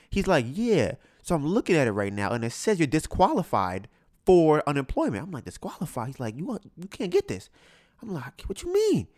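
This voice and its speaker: A man's voice: mid-range voice, no echo, studio quality. A young man hosting a podcast, telling a slangy, exasperated story and acting out both sides of a phone call. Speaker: podcast host. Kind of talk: casual storytelling chat.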